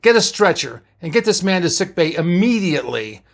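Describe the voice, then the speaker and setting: A man voicing a gruff, blunt male ship doctor who barks orders in a read-aloud story. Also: high-pitched, sing-song, fairly quick, fairly bright tone, pitched above the performer's own voice, exaggerated voice. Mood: brusque. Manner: brusque, barking orders.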